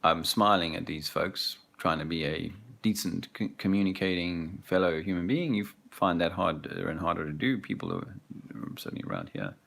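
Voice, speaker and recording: Brief: low, gravelly male vlogger, rambling and hesitant, walking outside. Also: sing-song, moderate pace, fairly bright tone. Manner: rambling, hesitant, full of fillers. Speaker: father, vlogger. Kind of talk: reflective walking vlog. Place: outdoors, walking a park path.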